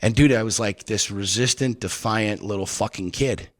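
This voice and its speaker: Low-voiced man telling a story. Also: normal speed, no echo, clean studio sound. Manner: swears freely, heats up when retelling arguments. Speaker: podcast guest. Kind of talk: casual podcast storytelling.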